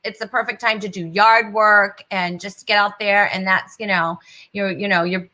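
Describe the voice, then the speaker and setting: A woman's voice: medium pitch, fairly even intonation, normal speed, pushed and bright, rough recording. A woman from New England hosting a casual online talk show, chatty, with frequent laughs and fillers over a video call. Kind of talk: casual chat.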